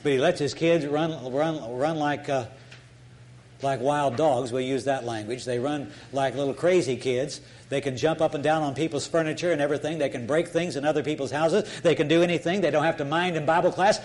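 Earnest older preacher, fairly high voice. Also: male voice, fairly even intonation, a little fast, a little mellow. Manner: earnest, folksy storytelling with many restarts. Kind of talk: sermon.

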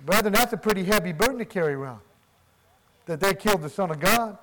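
A man's voice: high voice, animated, fast, fairly bright tone, rough recording. A man preaching a sermon with emphasis, posing questions and answering them himself. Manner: emphatic, asks and answers his own questions.

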